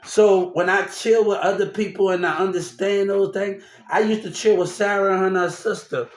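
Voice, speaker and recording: High-voiced man telling stories. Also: moderate pace. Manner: repetitive, restarts often, animated. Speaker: storyteller. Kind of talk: rambling personal storytelling. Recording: roomy echo.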